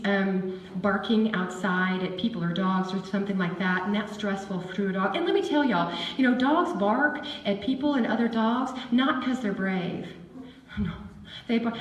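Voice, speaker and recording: A woman giving a lively, chatty seminar talk on dog behavior to a live audience. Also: on the high side, far from the mic. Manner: animated and chatty, acts out dog voices. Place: seminar hall. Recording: echoey room with faint ambience.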